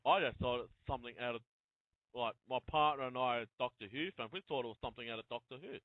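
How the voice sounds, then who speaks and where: A man's voice: medium pitch, fast talker, no room sound. A man who hosts an interview, chatting in long run-on turns. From Australia. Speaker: interview host. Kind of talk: casual interview talk. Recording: tinny phone-line audio.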